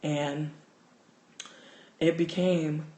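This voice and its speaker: A man hosting a livestream, telling a story in casual, profane, animated talk. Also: fairly high pitch, extremely slow, echoey room. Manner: animated, profane, gets loud and excited. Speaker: livestream host.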